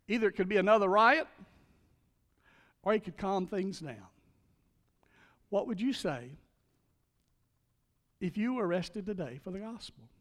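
A man's voice: high-pitched, a bit bright. An older man preaching a sermon as pastor, retelling scripture with dramatic emphasis. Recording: long reverb of a large hall.

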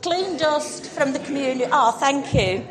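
A woman's voice: sits high, animated, a little slow, crowd noise. A woman leading an all-age church talk, encouraging children and calling them by name. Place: church hall. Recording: reverberant church hall, faint music.

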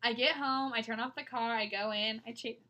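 A young woman co-hosting a podcast, telling her stories in an animated, dramatic way in casual chat. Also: a little high, fairly quick. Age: young adult. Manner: animated storytelling, dramatic retellings. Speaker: podcast co-host.

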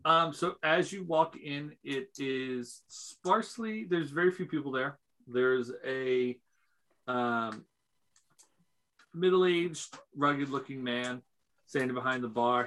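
Slow, hesitant game master. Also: mid-range voice, a bit bright. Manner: hesitant, lots of "um". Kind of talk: narrating a tabletop game.

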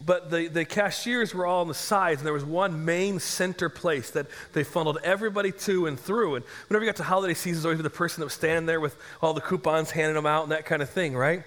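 Animated pastor in an echoing hall. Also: male voice, fairly high pitch, fast talker, few pauses. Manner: animated, comic storytelling with acted-out dialogue. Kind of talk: storytelling sermon. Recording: long echo of a large hall.

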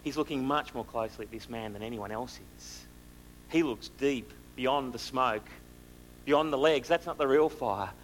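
A man preaching a sermon, asking the listeners rhetorical questions and moving between loud and hushed delivery. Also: medium pitch, normal speed, a little hiss or hum, low-quality recording.

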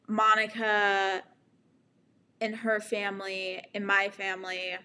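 A woman's voice: medium pitch, fairly bright tone. A young woman candidly telling a personal story to the camera, reflective and often breaking into nervous laughter.

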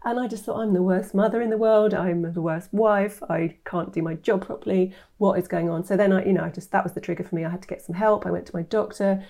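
Woman in her fifties, mellow voice. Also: mid-range voice, fast, few pauses. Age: 50s. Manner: animated, acts out quoted voices. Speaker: guest, nutritionist. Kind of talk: interview storytelling.

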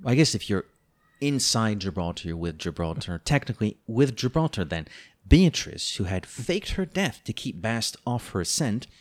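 A man's voice: lowish voice, sing-song, normal speed. A man co-hosting a book-review podcast, reading a plot summary with playful, teasing, mock-dramatic asides. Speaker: podcast co-host.

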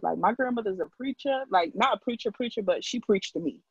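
Young woman just talking casual, says like constantly, kinda husky, dry muffled sound. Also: medium pitch, lively intonation, brisk, hardly any pauses, no echo. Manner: talkative, heavy use of "like". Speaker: guest. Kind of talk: casual chat.

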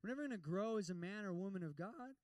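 High-voiced male pastor preaching. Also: fast, no room sound, distant mic, low-quality recording. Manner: lively preaching that acts out prayers in other voices, with humor. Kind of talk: sermon.

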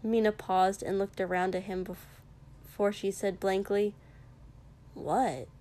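A woman with a medium-pitched, level voice reads a fan fiction story aloud. Her narration is soft and measured, with occasional small slips.

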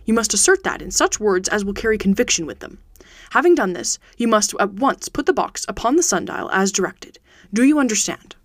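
A woman reading a brisk, commanding detective. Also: mid-range voice, sing-song, dry recording, clean studio sound. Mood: urgent. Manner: urgent, clipped, insistent.

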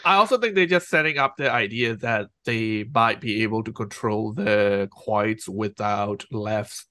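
A man's voice: lowish voice, unhurried, bright, forceful tone, no room sound. A man co-hosting a podcast, rambling through a casual TV episode recap and laughing at his own jokes. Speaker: podcast co-host.

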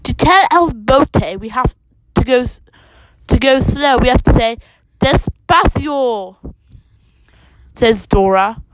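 A woman reading a children's storybook aloud, slowly and carefully, with small restarts. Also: on the high side, lively intonation, dry recording, rough recording. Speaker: reader.

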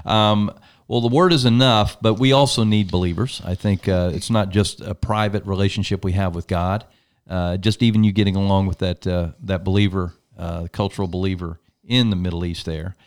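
A man hosting a casual interview, asking halting, conversational questions. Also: sits low, steady tone. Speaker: host.

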